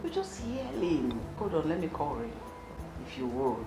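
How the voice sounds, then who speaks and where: A woman's voice: low-pitched, normal speed, over music. An exasperated Nigerian woman on the phone. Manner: pleading, urging calm over and over. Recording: roomy film audio with loud score.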